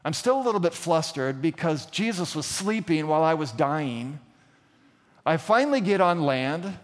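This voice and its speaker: A man's voice: fairly high pitch, long reverb tail. A man preaching a sermon, asking rhetorical questions and retelling scenes with dramatic emphasis. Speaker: pastor.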